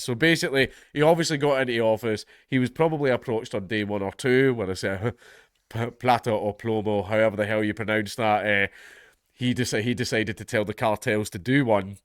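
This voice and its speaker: A man's voice: fairly low pitch, a bit bright, no echo, clean studio sound. A Scottish man with a blocked-up head cold, hosting his channel and reading a news article aloud while breaking off into sardonic, sweary asides. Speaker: commentary channel host.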